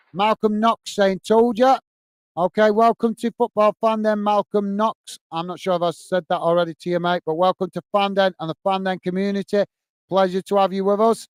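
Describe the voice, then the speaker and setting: A UK man hosting a casual football fan live stream reads the chat, thanks people by name, and calls them mate, sometimes flustered by his slow computer. His voice sits high and smooth, with a steady tone, a moderate pace, and no echo.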